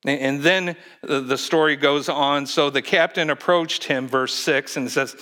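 Bright-voiced male preacher, conversational. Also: a little high, fairly even intonation. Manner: conversational preaching with questions to the congregation and acted-out quotes; halting, with restarts and fillers. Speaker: pastor. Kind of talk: sermon.

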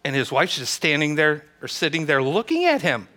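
A man preaching to a small church gathering, chatty and joking and quick to laugh. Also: a little high, big pitch swings, bright, forceful tone. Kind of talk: casual joke-telling and church teaching.

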